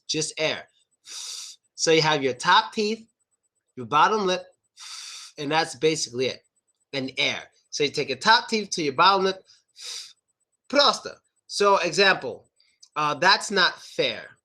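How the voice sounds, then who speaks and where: Brief: casual male pronunciation tutor, slightly high pitch, informal banter. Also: bright, forceful tone. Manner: joking, informal and chatty with students. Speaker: English pronunciation teacher. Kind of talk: live online lesson.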